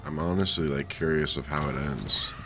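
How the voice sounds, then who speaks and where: A man's voice: very deep voice, fairly even intonation, moderate pace, loud music behind the voice. A tired young man with a groggy morning voice, rambling laid-back commentary while streaming a video game. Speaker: let's play streamer. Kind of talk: casual gameplay commentary.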